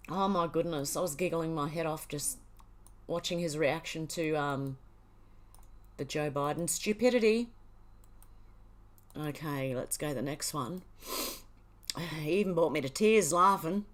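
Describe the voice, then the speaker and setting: A woman's voice: low-pitched, unhurried, long pauses. A woman from Australia, casually reading news items aloud and mocking them. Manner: sarcastic, reads headlines aloud and mocks them. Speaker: channel host.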